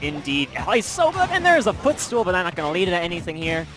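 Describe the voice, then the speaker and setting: A man calling play-by-play commentary for a fighting game tournament, reacting excitedly to the action. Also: high voice, faint music behind. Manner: excited, quick calls of the action. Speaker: esports commentator. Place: large indoor tournament venue.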